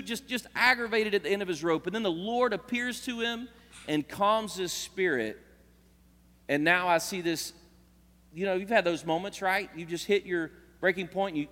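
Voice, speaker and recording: Male preacher, fairly high voice, earnest and conversational, in a reverberant church hall. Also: a bit bright. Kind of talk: sermon. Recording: long reverb of a large hall.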